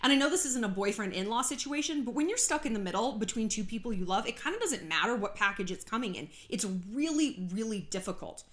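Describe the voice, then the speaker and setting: A woman from California talks through celebrity gossip in a casual vlog, sarcastic and chatty with frequent laughter. Her pitch sits a little high and swings widely as she goes, and she swears freely. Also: animated, fast talker, few pauses, a bit bright. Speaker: YouTube host.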